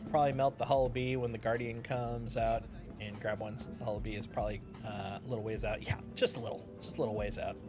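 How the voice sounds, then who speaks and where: A man's voice: on the low side, level tone, quick pace. A young man streaming a game, chatting casually with playful, jokey asides. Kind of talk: casual gameplay commentary. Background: game music.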